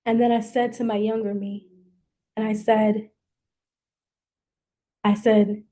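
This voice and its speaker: A woman's voice: a little high, flat delivery, moderate pace, mellow. A woman who hosts a coaching podcast, telling a personal story in an earnest, emotional way and holding back tears. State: near tears. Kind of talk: personal reflective monologue.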